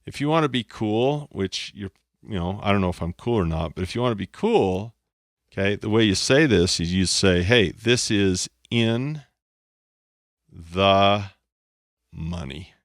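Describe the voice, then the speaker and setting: A man's voice: fairly low pitch, lively intonation, brisk, no room sound, clean studio sound. A man teaching a lesson at a board, playful and self-mocking, often repeating his phrases. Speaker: instructor. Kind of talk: explaining on a whiteboard.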